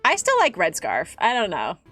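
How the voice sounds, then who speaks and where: Streamer, woman, twenties, bright lively voice, soft music underneath. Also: medium pitch, normal speed. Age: 20s. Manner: chatty, animated, laughs often. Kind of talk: casual gaming chat.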